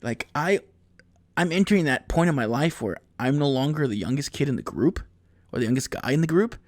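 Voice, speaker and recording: A man in his thirties rambles through a profane, comedic solo podcast. He laughs at his own jokes, and his pitch swings up and down. The sound is dry and close. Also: animated, a little fast, darkish tone, dry recording. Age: 30s. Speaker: podcast host. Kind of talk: casual comedic monologue.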